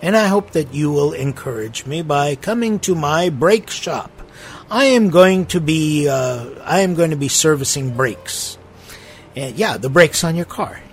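A man's voice: a little high, lively intonation, unhurried, soft background music. A man who is a priest, hosting his own spiritual podcast in a playful, tongue-in-cheek, conversational way.

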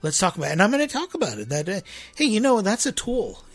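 A man's voice: sits high, wildly swooping pitch, fast talker. A man who is a church priest, giving a conversational sermon to his congregation, rambling and repeating himself with rhetorical "right?" asides.

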